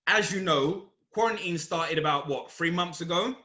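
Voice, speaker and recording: A man's voice: fairly high pitch, moderate pace, sharp tone. A young man bantering crudely as a guest in a comedy chat game, teasing and often laughing. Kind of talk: joking casual banter. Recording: roomy echo.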